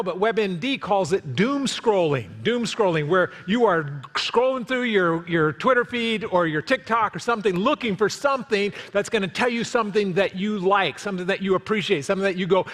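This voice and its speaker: A pastor preaching in a church sanctuary, animated and quick to joke, slipping into quoted voices. His voice sits fairly high for a man. The sound carries a long hall reverb from the room around a stage mic. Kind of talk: sermon.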